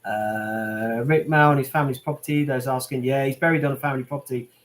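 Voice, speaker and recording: A man's voice: medium pitch, steady tone, quick pace. A British man hosting a live question-and-answer stream, reading viewer comments aloud and chatting casually. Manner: chatty, reads out viewer comments, lots of "um" and "mate". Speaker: channel host answering live chat.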